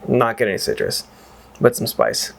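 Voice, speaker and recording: A man's voice: mid-range voice, big pitch swings, normal speed, vocal fry, noisy background. A man reviewing whiskey in a casual, rambling chat that wanders off on tangents and is full of exclamations. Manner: exclaims and swears freely.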